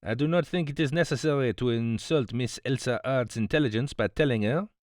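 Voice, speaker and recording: A man's voice: mid-range voice, brisk, a little mellow, no room sound, clean studio sound, lightly acted. A man voicing a fussy, smug older detective, politely reproving, in an audiobook. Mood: smug, precise. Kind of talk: audiobook character voice.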